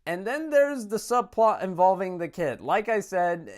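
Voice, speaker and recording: A man's voice: high voice, very animated, unhurried. A man giving a casual spoken film review, rambling with many fillers and restarts. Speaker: movie reviewer.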